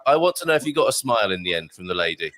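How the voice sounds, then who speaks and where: A man's voice: lowish voice, very animated, rapid-fire, a bit bright, no room sound. A male host of a live chat show, jokey and chatty, reading out viewer messages between guests.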